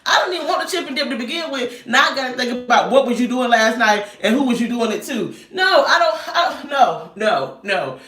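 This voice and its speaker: Animated ranting woman in an echoey room. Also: on the high side, fairly quick, few pauses. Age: 30s. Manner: animated, loud, laughing often. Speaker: vlogger. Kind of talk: casual storytelling rant. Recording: roomy echo, distant mic.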